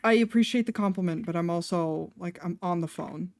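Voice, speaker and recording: A woman's voice: lowish voice, fairly quick, darkish tone, no room sound. A young adult woman streamer telling a personal story in a chatty way, full of fillers and laughing between lines. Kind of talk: casual storytelling on a live stream.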